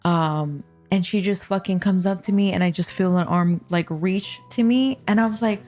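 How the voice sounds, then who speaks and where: Profane, animated woman telling a story. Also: medium pitch, moderate pace, soft background music. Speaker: guest. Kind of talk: casual storytelling.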